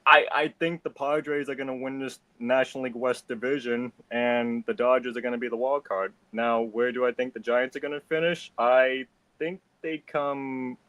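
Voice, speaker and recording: A man's voice: medium pitch, steady tone, normal speed, a bit bright, no room sound. A man from Massachusetts on a casual sports talk stream, giving blunt predictions and stumbling over repeated words. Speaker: guest panelist.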